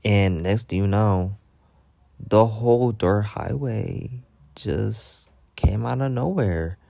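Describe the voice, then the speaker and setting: A young man spins a storytime rant at an unhurried drawl, his low voice full of gravelly fry. The tone is dark and mellow, and he plays up the drama with slang and plenty of swearing. The sound is dry, as if close to the mic. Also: no echo, highs cut off. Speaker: storytime vlogger.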